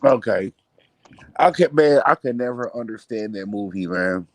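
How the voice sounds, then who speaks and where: A man on a casual live stream, joking loudly, swearing a lot and laughing between rants. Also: fairly low pitch, lively intonation, normal speed. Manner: loud, profane, laughing, riffs into mocking voices. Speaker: podcast co-host.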